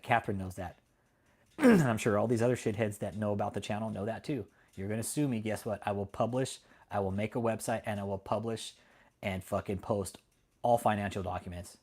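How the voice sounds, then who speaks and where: A man's voice: on the low side, darkish tone. A middle-aged man from Texas, hosting an angry, profane commentary rant full of defiance and swearing. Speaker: host.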